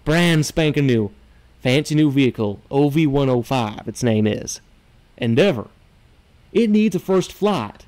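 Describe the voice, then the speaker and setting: A man's voice: mid-range voice, animated, measured pace, a little mellow, lightly acted. A man from Minnesota voicing a folksy Texan car salesman with a put-on drawl, co-hosting a comedy podcast. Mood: salesman pitch. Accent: put-on Texas drawl. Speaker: podcast co-host.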